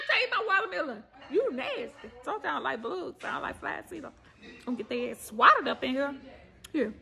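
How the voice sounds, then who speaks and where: A woman's voice: high voice, lively intonation, moderate pace, creaky, sharp tone. An older woman with a Southern US accent, chatting playfully while eating on camera, laughing and preaching as she goes. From American South. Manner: playful, preachy, laughs a lot, sings snippets. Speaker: vlogger. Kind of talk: casual mukbang chat.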